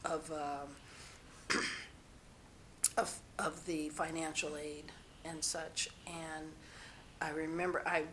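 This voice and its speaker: A woman's voice: low voice, little pitch movement, takes it slowly, long pauses, fairly bright tone, a little hiss or hum. A woman being interviewed, telling personal stories in a rambling, candid way and often restarting her sentences. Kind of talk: personal storytelling.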